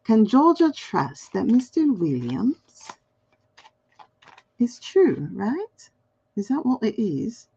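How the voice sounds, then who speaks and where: A woman's voice: fairly high pitch, slow pace, gravelly, long pauses, slightly rough. A playful, chatty woman, doing a live tarot reading and talking to viewers by name. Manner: playful, lively, laughs often, talks to chat by name. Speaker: tarot card reader. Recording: slightly dull lo-fi stream audio.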